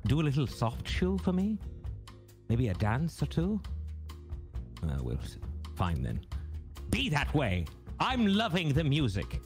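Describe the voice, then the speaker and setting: Mock-grand man reading chat over jazz. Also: a little high. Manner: mock-grand, theatrical, teasing. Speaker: intermission host reading chat. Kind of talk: playful live-stream chat banter. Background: jazzy background music.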